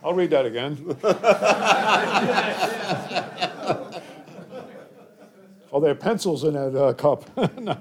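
A man leading a group discussion, speaking in a relaxed, conversational way with frequent filler words. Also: fairly high pitch, very slow, pauses often. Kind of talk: casual talk to a group.

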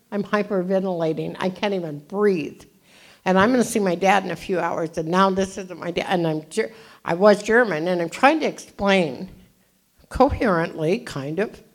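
Animated older woman telling her story. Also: mid-range voice, normal speed. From California. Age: 70s. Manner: animated, self-deprecating, jokey. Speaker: recovery meeting speaker. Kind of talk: storytelling talk.

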